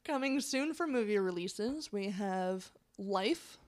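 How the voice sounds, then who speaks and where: A woman's voice: mid-range voice, animated, takes it slowly. A woman co-hosting a casual chat, reading out release lists in a breezy, joking way. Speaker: podcast co-host.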